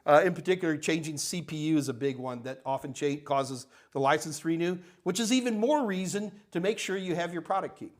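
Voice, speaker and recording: A man's voice: on the high side, brisk, hardly any pauses. An older man hosting a live tech Q&A, answering chat questions in a blunt, emphatic, ranting way. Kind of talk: live Q&A stream.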